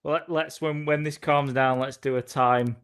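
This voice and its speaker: A man co-hosting a football watchalong, throwing in short, relaxed banter. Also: on the high side, moderate pace, clear, resonant tone. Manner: laid-back banter, short interjections. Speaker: co-host. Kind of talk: casual football watchalong chat.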